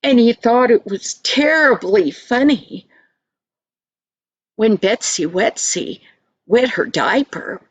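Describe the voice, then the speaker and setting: Older woman storyteller for children; gentle, sing-song, very slow, slightly high, dry recording. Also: lively intonation, breathy edge, dry recording, lo-fi sound.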